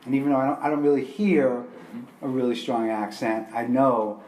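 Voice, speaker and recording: An older man from Brooklyn with a light New York accent, answering interview questions in a relaxed, rambling way with plenty of fillers. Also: mid-range voice, normal speed. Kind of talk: casual personal interview. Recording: roomy echoey recording.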